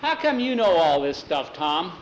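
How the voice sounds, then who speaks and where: A man voicing an eager, cheerful young cowhand in a told story, his voice rising a little with excitement. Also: a little high, moderate pace. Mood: wondering. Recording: echoey room, faint traffic.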